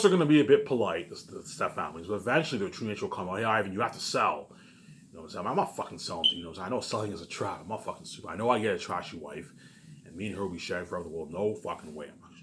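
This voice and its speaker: A man's voice: low-pitched, lively intonation, racing, slight background noise. A man rambling through a casual monologue for his viewers, repeating himself often and swearing freely. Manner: rambling and repetitive, with frequent swearing. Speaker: vlogger.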